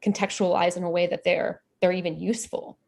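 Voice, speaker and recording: Woman talking on a podcast, kinda creaky gravelly voice, thinking out loud. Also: fairly low pitch, little pitch movement, fairly quick. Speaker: podcast co-host. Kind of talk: casual discussion.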